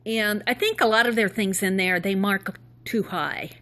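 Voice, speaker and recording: A woman's voice: mid-range voice, moderate pace, a bit bright. A woman chatting casually into a hand-held phone, rambling along with little laughs. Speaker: vlogger.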